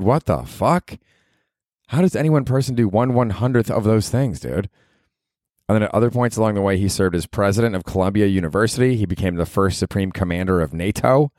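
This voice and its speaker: A man's voice: low-pitched, a little mellow, no room sound, clean studio sound. A young man hosting his own podcast as a comedian, telling rambling, profane stories in a loose, casual way. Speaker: podcast host. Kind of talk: casual solo podcast chat. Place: small apartment.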